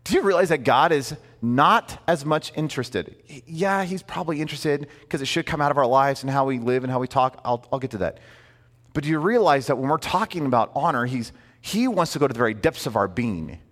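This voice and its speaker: A man preaching a sermon in a conversational, animated way, full of asides and rhetorical questions. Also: medium pitch, a little fast, big-room sound. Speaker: pastor.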